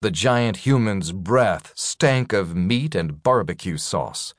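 A man narrating an audiobook at an unhurried pace, his low voice rising and falling with a lot of expression. The recording is dry and close, with no room sound. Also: no echo. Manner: measured, expressive reading. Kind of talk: scripted narration.

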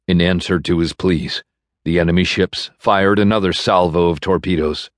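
Deep voiced guy reading a sci-fi audiobook, steady and measured, dry studio mic. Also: dry recording. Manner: measured, even storytelling. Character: bitter man navigator. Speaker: audiobook narrator. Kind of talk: scripted narration. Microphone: studio microphone.

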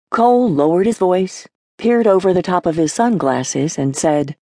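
A woman narrating a horror novel audiobook in a measured storytelling manner. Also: fairly low pitch, mellow, dry recording, studio quality. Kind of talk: scripted narration.

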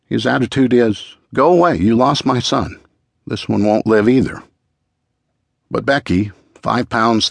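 A man narrating a true-crime audiobook in a measured, even storytelling manner, close to a studio mic. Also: sits low, breathy edge, no echo.

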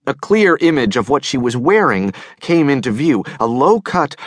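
A man's voice: medium pitch, sing-song, moderate pace, no room sound. Man narrating a story, dry and close. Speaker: audiobook narrator. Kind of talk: first-person scripted narration. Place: recording studio.

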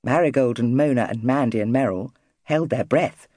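A woman narrating a children's audiobook in an expressive storytelling manner. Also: very deep voice, moderate pace, no echo, clean studio sound.

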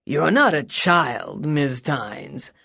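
A woman's voice: low voice, sing-song, very slow, vocal fry, pushed and bright, husky, no echo, clean studio sound, pitched below the performer's own voice, exaggerated voice. A woman voicing a flamboyant, theatrical male defense lawyer with a silky, mocking drawl, in an audiobook. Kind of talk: audiobook character voice.

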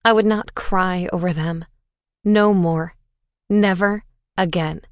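A woman's voice: lowish voice, steady tone, takes it slowly, clear, resonant tone, dry recording, clean studio sound. A woman reading a first-person audiobook with an intense, bitter, dramatic delivery. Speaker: audiobook narrator.

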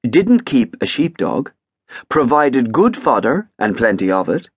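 A man narrating an audiobook in an expressive, wry storytelling manner. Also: medium pitch, measured pace, husky, no room sound, clean studio sound. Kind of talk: scripted narration.

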